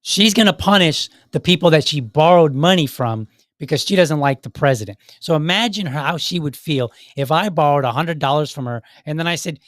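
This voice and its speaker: A man's voice: on the high side, brisk, hardly any pauses, a bit bright, no echo, clean studio sound. A man hosting a podcast, commenting sarcastically on clips and acting out imagined back-and-forth dialogue. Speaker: podcast host.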